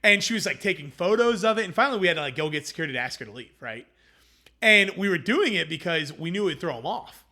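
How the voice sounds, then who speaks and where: A man's voice: high voice, quick pace. A man, a food company founder, telling his story in a casual interview and acting out quoted conversations. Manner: animated, acts out quoted dialogue.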